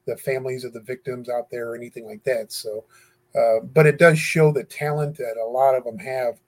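A man's voice: mid-range voice, steady tone, brisk. A man speaking as an interview guest, talking earnestly and hesitantly with many fillers and restarts. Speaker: guest who corresponds with death row inmates. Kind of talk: casual interview talk.

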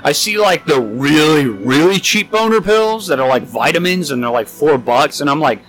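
A man's voice: a little high, expressive, moderate pace, a bit bright, soft background music. A young man co-hosting a podcast, tipsy, telling a rambling, profane story and getting exasperated at his friend. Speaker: podcast co-host. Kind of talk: casual storytelling chat.

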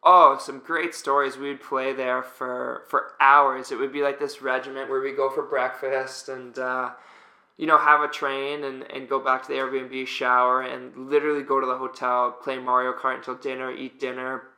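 A man's voice: medium pitch, little pitch movement, moderate pace, sharp tone. A young man, a volleyball player, casually telling stories with rambling fillers and restarts. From Canada. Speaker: guest, pro volleyball player. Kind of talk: casual storytelling. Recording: roomy echo.

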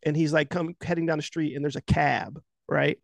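A man with a fairly high voice retells a movie scene in a loose, rambling way, packing every sentence with filler words and swearing freely. He gets animated as he goes. The recording is dry and close, with no room sound. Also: moderate pace, creaky, dry recording. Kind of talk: casual chat.

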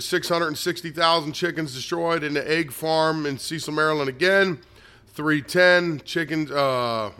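A man's voice: a little high, bright, forceful tone, clear, resonant tone. A man reading a long list of dates and places from his own notes, hurrying and tripping over words with fillers and restarts. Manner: reads fast with stumbles, restarts and fillers.

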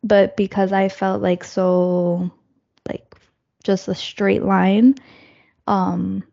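A woman in a reflective casual conversation, thoughtful and fairly monotone. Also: mid-range voice, extremely slow, creaky, highs cut off. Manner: thoughtful, says she speaks in a monotone.

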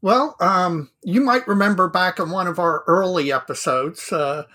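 A man's voice: high voice, normal speed, pushed and bright. A man co-hosting a hobby podcast, chatting in an easygoing, self-deprecating way. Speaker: podcast co-host. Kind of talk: casual podcast chat.

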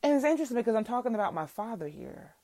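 A woman's voice: fairly high pitch, very animated, rapid-fire, mellow, dry recording. A woman hosting a faith podcast, telling a heartfelt testimony and teaching scripture in a preacherly way. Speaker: podcast host.

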